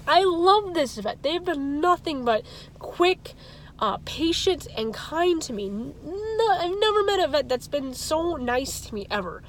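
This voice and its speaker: A woman's voice: sits high, very animated, measured pace, rough recording. A woman vlogger telling a story in a casual, emotional and rambling way, often restarting her sentences. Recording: traffic and car noise behind. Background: car and street ambience.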